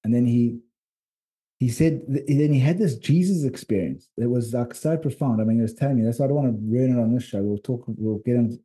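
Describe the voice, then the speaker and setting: A man with a South African accent, co-hosting a podcast, telling rambling, animated stories in casual chat. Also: medium pitch, a little fast. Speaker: podcast co-host and documentary filmmaker.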